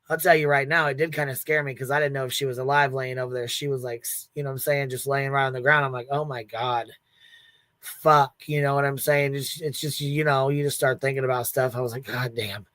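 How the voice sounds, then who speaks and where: A woman's voice: low voice, steady tone, moderate pace, fairly bright tone, no echo. A woman hosting a livestream in casual commentary, blunt and profane, laughing often as she retells events with quoted asides. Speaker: livestream host.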